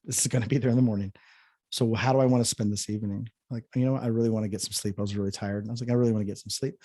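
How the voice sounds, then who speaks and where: A man guest in a conversation, telling a personal story in a reflective, relaxed way. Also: on the low side, racing, no room sound, clean studio sound. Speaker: podcast guest.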